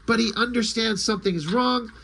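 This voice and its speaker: Give me a husky middle-aged man talking comics in an animated, emphatic way. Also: very high voice, a little fast. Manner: animated, emphatic, casual swearing. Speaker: comic book reviewer. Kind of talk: casual comic recap.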